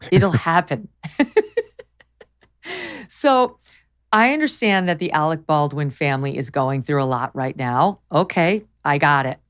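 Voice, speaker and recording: Woman podcast host, low-pitched, emphatic and animated, opinionated casual chat on a studio mic. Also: smooth. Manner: emphatic, quick, animated with laughs.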